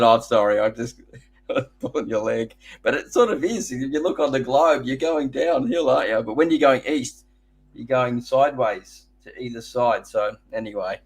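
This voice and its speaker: A man's voice: medium pitch, gravelly, husky. An Australian man hosting a live gardening Q&A, chatting casually and rambling into jokey stories. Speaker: host.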